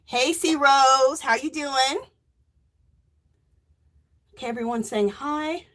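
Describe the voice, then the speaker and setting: A woman hosting a casual crafting live stream, warmly greeting viewers by name and reading their chat messages aloud. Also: sits high, slow. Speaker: livestream host.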